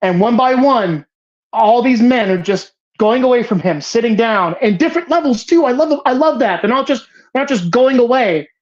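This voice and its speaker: A woman's voice: fairly high pitch, lively intonation, normal speed, a little mellow, dull audio. Profane, ranting woman movie podcast host. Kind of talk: casual movie discussion.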